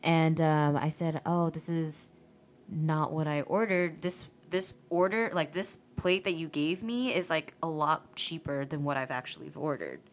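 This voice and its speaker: A woman in easygoing podcast talk, spinning lively stories and swearing freely. Her voice sits a little low for a woman. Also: unhurried. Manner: animated storytelling with swearing and laughs. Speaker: podcast guest. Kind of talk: casual chat.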